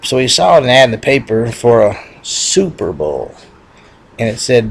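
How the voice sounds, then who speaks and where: A man tells a folksy joke in a loose, rambling way, often correcting himself. His voice has a gravelly fry and a raspy, husky edge. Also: medium pitch, expressive, normal speed. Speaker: joke teller, channel host. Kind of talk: casual joke telling.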